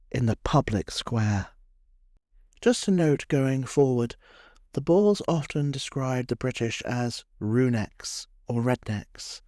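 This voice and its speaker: A man's voice: medium pitch, darkish tone, dry recording. A man narrating a scripted history tale in a wry storytelling way, with dry humorous asides.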